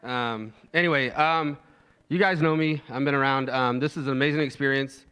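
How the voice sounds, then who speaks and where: Bright-voiced man, moved, closing remarks. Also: mid-range voice, fairly even intonation, moderate pace, smooth. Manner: moved, tearing up, filler ums. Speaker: youth leader.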